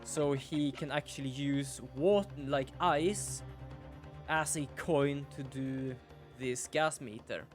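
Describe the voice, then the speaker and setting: A man's voice: medium pitch, fairly even intonation, slow, soft background music. A young man casually commenting on his gameplay while streaming, chatty, rambling and self-deprecating.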